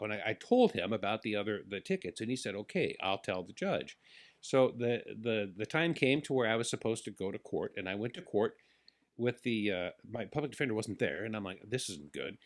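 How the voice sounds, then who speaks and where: A man telling a long personal story in casual talk, animated and acting out the people in it. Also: lowish voice, fairly quick. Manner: animated, acts out the people in his stories.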